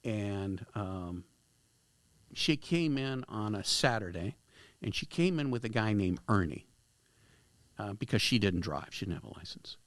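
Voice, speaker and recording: A man, a screenwriter guest, telling anecdotes in a casual, animated way in a studio. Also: on the low side, a little slow, no room sound. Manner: animated, acts out dialogue with lively shifts. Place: podcast studio.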